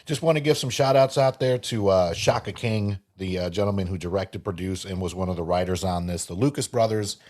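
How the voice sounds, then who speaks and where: A man's voice: low-pitched, a little fast, hardly any pauses, darkish tone. A man co-hosting a podcast, chatting loosely about movies, laughing often and swearing casually. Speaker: podcast co-host. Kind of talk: casual chat.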